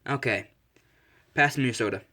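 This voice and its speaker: A man voicing a gruff middle-aged hero father in a fan-made anime story, dry and flat. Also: medium pitch, normal speed.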